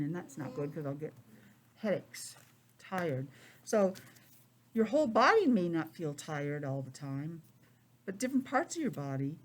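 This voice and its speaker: Middle-aged teacher, expressive and talkative, reads aloud to preschoolers in a classroom. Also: female voice, sits low, slight background noise. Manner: chatty, expressive, drifts into personal asides. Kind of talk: reading aloud and chatting to young children.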